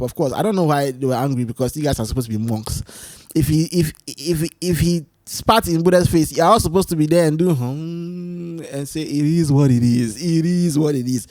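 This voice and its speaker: A man hosting his own solo talk show, rambling and animated as he tells stories, often restarting his sentences. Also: medium pitch, no echo, studio quality. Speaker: podcast host. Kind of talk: casual solo chat.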